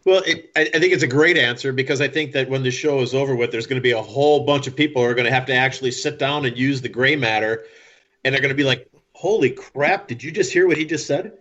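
A man hosting a casual conversation, agreeable and quick to chime in. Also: mid-range voice, fairly even intonation, pushed and bright. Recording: dull lo-fi sound.

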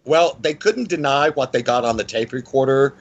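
A man telling a personal story as an interview guest, in a lively conversational way with frequent restarts. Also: moderate pace, muffled recording. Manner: animated, with frequent pitch swings and restarts.

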